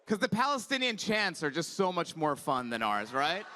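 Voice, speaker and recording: A man doing animated stand-up comedy on a conference stage, telling stories with voiced asides. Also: a little high, normal speed, few pauses, some chatter behind, slight background noise. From Iran. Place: conference stage before a live audience.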